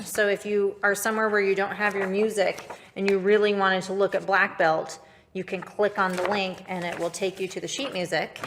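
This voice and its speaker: Woman music teacher, crisp bright tone, average pitch, upbeat and instructive with kids. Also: slight background noise. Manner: upbeat, instructive, speaks directly to pupils. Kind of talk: online recorder lesson for children.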